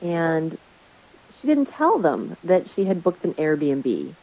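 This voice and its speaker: Woman, casual chat, lowish voice, animated storyteller who acts out quotes, dull lo-fi sound. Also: takes it slowly. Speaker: Airbnb host sharing stories.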